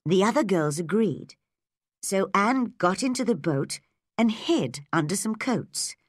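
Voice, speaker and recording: Lady reading a kids story slow and clear, lots of lilt, dry close mic. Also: mid-range voice, animated, no room sound. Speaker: narrator. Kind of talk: graded-reader story narration for learners.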